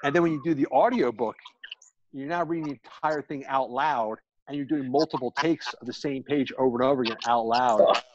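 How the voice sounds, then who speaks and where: A man's voice: medium pitch, lo-fi sound, background noise. A man chatting candidly on a video call, telling rambling stories about writing and recording his book. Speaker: author and guest. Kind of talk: casual group chat.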